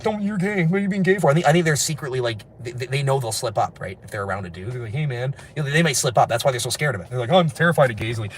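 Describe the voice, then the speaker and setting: A man from Canada chatting on a late-night livestream, reading viewer comments and rambling very fast between laughs. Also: mid-range voice, a little hiss or hum. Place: indoors at night, after a street walk.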